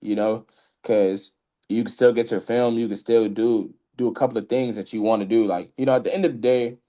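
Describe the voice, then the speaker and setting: A man's voice: medium pitch, steady tone, a little fast, mellow. An American man, a football player, talking casually and earnestly as an interview guest, peppering his speech with "you know" and "man.". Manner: earnest, repeats himself, drops "you know" and "man" often.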